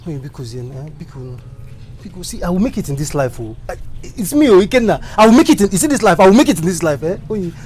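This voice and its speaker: A man's voice: fairly high pitch, a little fast, close to an everyday voice. An actor with a Nigerian accent playing a poor young man who pleads his love and keeps asking "eh?". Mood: pleading. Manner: pleading, insistent, tags lines with "eh?". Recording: echoey room with steady noise.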